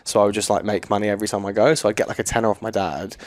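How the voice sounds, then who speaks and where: A man's voice: fairly low pitch, level tone, very fast. A young man co-hosting a podcast in casual chat, laddish and swearing freely. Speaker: podcast co-host.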